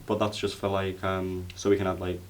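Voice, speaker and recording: A man drama student talking casually and haltingly, with many fillers and restarts. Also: low-pitched, monotone, a little hiss or hum. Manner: hesitant, halting, lots of fillers. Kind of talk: casual project discussion.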